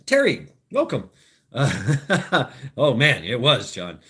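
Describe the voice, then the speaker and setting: A man's voice: mid-range voice, huge pitch swings, slow pace, pushed and bright. A man, maybe in his thirties, hosting a casual livestream, talking to his chat in a rambling, profane way and laughing at his own jokes. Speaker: livestream host.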